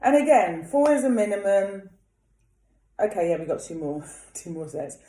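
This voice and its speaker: A woman singing teacher leading a vocal warm-up, chatting casually and demonstrating lip trills and vowel exercises. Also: mid-range voice, very animated, normal speed, reverberant.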